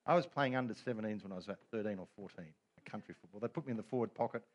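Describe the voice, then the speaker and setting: A man's voice: lowish voice, racing. A middle-aged man preaching a sermon as pastor, telling stories with humor and quoted voices.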